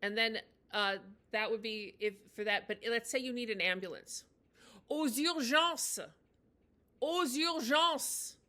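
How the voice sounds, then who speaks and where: A woman teaching in a chatty, unscripted way, with many fillers and restarts, slowing down to model phrases. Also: medium pitch, fairly even intonation, bright, forceful tone. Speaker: language teacher. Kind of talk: casual spoken lesson.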